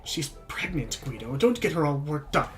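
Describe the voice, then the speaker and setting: A worried young village wife begs her husband to stay, as a streamer reads her part. Soft and pleading, with light music in the back. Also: medium pitch, big pitch swings, moderate pace, far from the mic, natural voice.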